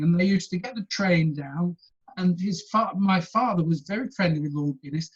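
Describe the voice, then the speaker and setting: A chatty man of eighty-five, rambling boastfully through his stories, as a man puts him on in a higher voice. The husky voice sits in a dull, lo-fi recording. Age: 80s.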